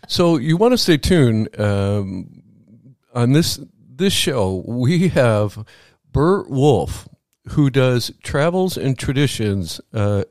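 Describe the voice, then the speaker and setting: A man co-hosting a weekend radio show, chatty and excitable, stumbling over his words at times. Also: medium pitch, no echo, clean studio sound. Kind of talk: casual radio chat. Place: small home studio. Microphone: studio mic.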